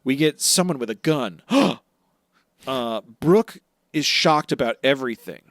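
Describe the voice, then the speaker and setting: A man's voice: medium pitch, expressive, unhurried, a bit bright, no room sound, studio quality. A man co-hosting a casual podcast, rambling and swearing as he recaps an episode and acts out bits of dialogue. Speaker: podcast co-host. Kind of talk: casual chat.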